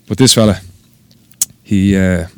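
A man's voice: deep voice, fairly even intonation, unhurried, darkish tone, clear, resonant tone, dry recording. An Irish man, a tattoo artist, telling stories in a casual interview, rambling and swearing freely. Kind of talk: casual podcast interview storytelling.

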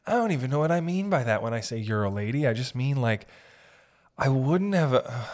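A man riffs alone on his podcast, swearing freely and restarting his sentences again and again. His voice sits in an ordinary middle pitch. He talks in a loose, joking ramble. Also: lively intonation, moderate pace. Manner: rambling, profane, self-interrupting, mock voices. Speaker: podcast host. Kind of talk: casual rambling comedic monologue.

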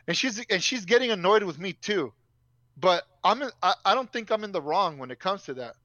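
Animated, profane man ranting. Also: sits high, fairly quick, dry recording, muffled recording. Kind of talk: casual storytelling.

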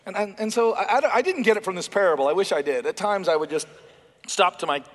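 A man preaching a sermon in a church hall, animated and emphatic, acting out bits of dialogue. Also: high voice, fast talker. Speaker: pastor.

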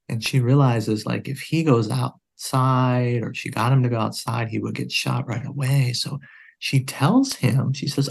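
Man, podcast guest, earnest measured storytelling, gravelly, husky. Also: mid-range voice, fairly even intonation. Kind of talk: storytelling in conversation.

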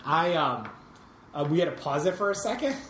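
A woman's voice: low-pitched, sing-song, a little fast, echoey room, a little hiss or hum. Giggly woman podcaster, wide-ranging voice. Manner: giggly, enthusiastic, rambling. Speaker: podcast co-host. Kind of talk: casual movie chat. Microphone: microphone set far away.

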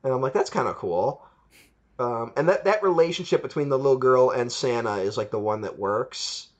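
A man's voice: medium pitch, a little fast, lo-fi sound. A man chatting casually about a film on a podcast, rambling, laughing and acting out scenes from it. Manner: rambling, chuckling, acts out quotes. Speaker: podcast co-host. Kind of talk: casual film review chat.

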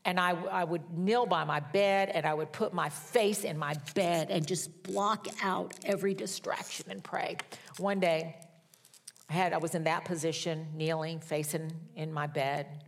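A middle-aged woman preaching a sermon, reading scripture slowly with emphasis and telling personal stories in a conversational way. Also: lowish voice, steady tone, vocal fry.

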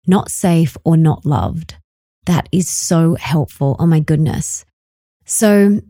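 A woman hosting a podcast, with a fairly low and mellow voice. She answers her guest with eager approval and asks long questions. The recording is close and dry. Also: no echo. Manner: enthusiastic, affirming. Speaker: podcast host. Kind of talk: podcast interview.

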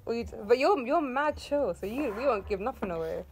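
A woman's voice: a little high, expressive, brisk. A woman, co-hosting a casual podcast and teasing the others in a chatty way. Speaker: podcast co-host. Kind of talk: casual group chat.

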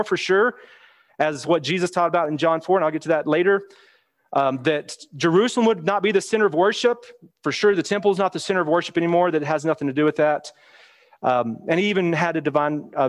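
A man preaching a Bible lesson in a plain, conversational way, reading scripture aloud and explaining it. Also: a little high. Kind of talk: Bible teaching sermon.

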